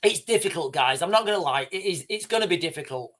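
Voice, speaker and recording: Impassioned man, high voice. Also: expressive, fairly bright tone. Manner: impassioned, halting, with restarts and swearing. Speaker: livestream host. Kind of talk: emotional live commentary.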